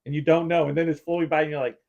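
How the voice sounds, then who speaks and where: A man's voice: on the high side, flat delivery, rapid-fire, vocal fry, darkish tone, lo-fi sound. A man hosting a podcast in casual chat, telling a long rambling story full of "like" and acting out his own past reactions. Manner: heavy use of filler "like". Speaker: podcast host.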